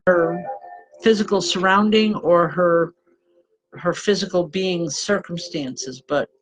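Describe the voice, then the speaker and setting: A woman working as a spiritual medium, giving live readings and passing on messages in an earnest, gentle, halting way. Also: lowish voice, poor audio. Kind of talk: live online psychic readings.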